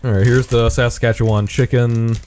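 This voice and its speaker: A man's voice: mid-range voice, level tone, normal speed, a little mellow, slight background noise. A man co-hosting a casual snack review at home, joking, laughing often and reading labels in a mock-dramatic way.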